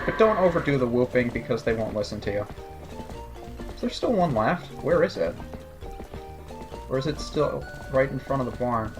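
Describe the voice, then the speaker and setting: A man giving casual, sarcastic commentary over a video game playthrough. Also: mid-range voice. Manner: sarcastic, joking asides. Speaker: let's play commentator.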